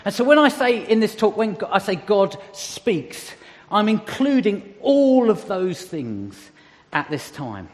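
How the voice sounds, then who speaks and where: High-voiced man preaching in a hall. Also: sing-song, unhurried, darkish tone. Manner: conversational with humorous asides. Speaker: church speaker. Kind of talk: sermon.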